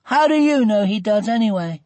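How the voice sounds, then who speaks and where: A man voicing a bossy, blunt young schoolgirl in an audiobook, with a husky edge. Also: high voice, lively intonation, moderate pace, darkish tone, no room sound, voice pushed up. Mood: eager. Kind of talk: audiobook character reading.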